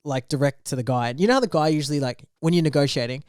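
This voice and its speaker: Fast-talking young man telling a story. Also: fairly high pitch, smooth, dry recording, clean studio sound. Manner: animated storyteller, acts out quoted dialogue. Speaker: podcast co-host. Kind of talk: casual storytelling chat.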